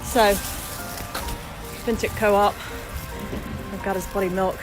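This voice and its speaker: A woman's voice: mid-range voice, flat delivery, takes it slowly, music in the background, close to an everyday voice. A woman voicing a chatty, easily surprised middle-aged British woman in a comic sketch. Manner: incredulous, chatty.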